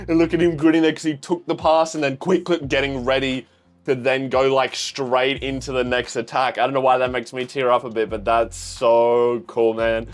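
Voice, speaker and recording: A young Australian man hosting a manga reaction video, gushing and swearing with excitement as he reads panels aloud between his reactions. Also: mid-range voice, moderate pace, faint music behind. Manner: excitable, swears freely, gushes. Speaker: reaction channel host.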